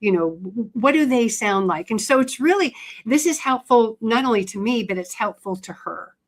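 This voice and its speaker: A woman's voice: fairly high pitch, expressive, normal speed. A woman author talking about her writing as a radio guest. She talks in a chatty way, often restarting her sentences. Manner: chatty, frequent restarts and fillers. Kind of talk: casual interview talk.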